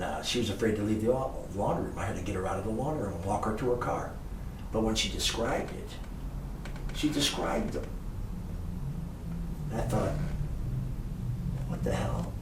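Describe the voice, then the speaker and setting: An older man who once owned a motel sits as an interview guest, spinning rambling anecdotes packed with fillers in a casual storytelling chat. His voice is fairly low and expressive, moving at a moderate pace with long pauses. The recording has an echoey room, a distant mic and faint hiss.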